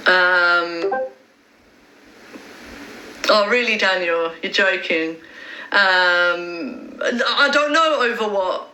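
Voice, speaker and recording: A woman's voice: medium pitch, pushed and bright, roomy sound, rough recording. A woman hosting a casual livestream, hesitant and full of ums, talking to her viewers and reading chat aloud. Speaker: livestream host.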